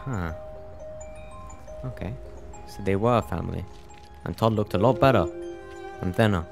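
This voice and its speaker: A man's voice: lowish voice, normal speed, gravelly. A young man giving casual let's play commentary, muttering wry reactions to a game. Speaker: gameplay commentator. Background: game music.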